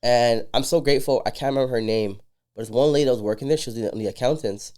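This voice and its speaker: Brief: male podcast guest, rapid delivery, mellow dark tone, lively storyteller. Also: medium pitch. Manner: animated storyteller who acts out dialogue. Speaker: entrepreneur guest. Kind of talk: casual podcast chat.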